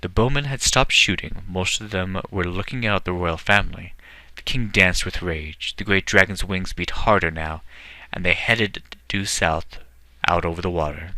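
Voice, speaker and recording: Male storybook reader; deep and bright, dry studio-close delivery. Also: moderate pace, no room sound. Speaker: book reader. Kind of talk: scripted narration of a fantasy book.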